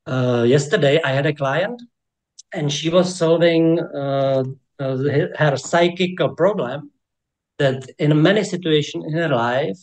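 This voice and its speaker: Male coach with a Czech accent and a somewhat high voice, giving a workshop in English that is not his first language. He talks haltingly, stops often on fillers and restarts his sentences. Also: rough recording. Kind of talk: workshop talk.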